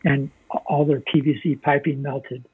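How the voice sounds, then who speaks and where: A man's voice: mid-range voice, level tone, a little slow, breathy edge, dry recording. An older American man, a military veteran, telling his story as an interview guest in a plainspoken way, swearing freely. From United States. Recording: dry, phone-like narrow sound.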